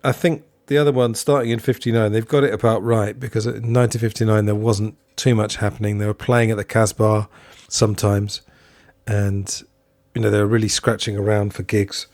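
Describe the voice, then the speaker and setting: A man's voice: lowish voice, flat delivery, a little fast, a little mellow, dry recording. A man hosting a solo podcast, talking in a chatty, digressive way and often correcting himself. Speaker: podcast host.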